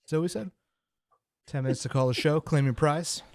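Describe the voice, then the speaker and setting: A man co-hosting a podcast, loud and laughing, swearing through casual banter. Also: fairly high pitch, a little fast, no echo, clean studio sound. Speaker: podcast co-host.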